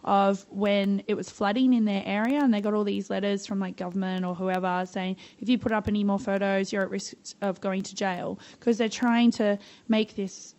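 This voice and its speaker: A woman's voice: medium pitch, steady tone, normal speed, few pauses, darkish tone, poor audio. An Australian woman, a guest on a podcast, telling stories in a bubbly, chatty way and swearing freely. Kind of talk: casual storytelling.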